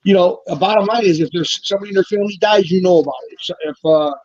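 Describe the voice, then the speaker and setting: Fast-talking rambling storyteller man, lo-fi. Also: high voice, no room sound. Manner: rambling storyteller, swears freely, acts out quotes loudly. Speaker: guest telling prison stories. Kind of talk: casual chat.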